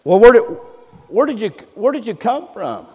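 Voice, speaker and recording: A man's voice: extremely high pitch, sing-song, moderate pace, a little mellow, slightly rough, in a large hall, muffled recording, full character voice. A preacher voicing astonished temple scholars who question a boy in disbelief. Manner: incredulous questioning.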